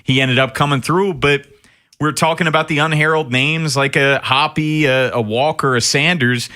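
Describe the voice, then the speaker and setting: Male radio host, higher and bright-toned, emphatic sports talk with restarts. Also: fairly even intonation, moderate pace. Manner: emphatic, restarts sentences when building a point.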